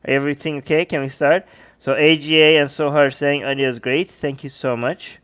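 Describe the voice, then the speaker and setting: A man hosting a livestream, reacting to videos with sarcastic, animated commentary and talking to his chat. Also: a little high, fairly quick, clean tone. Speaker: livestream host.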